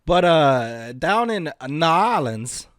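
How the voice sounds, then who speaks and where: A man co-hosting a podcast who rambles through stories and laughs easily. His voice is middle in pitch, with lively rises and falls. The sound is dry and close. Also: slow pace, dry recording. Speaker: podcast co-host. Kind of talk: casual comedic banter.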